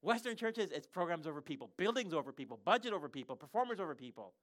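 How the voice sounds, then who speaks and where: A pastor preaching a sermon, telling stories in an animated way and often restarting sentences. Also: mid-range voice, quick pace. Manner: animated storytelling with frequent self-restarts.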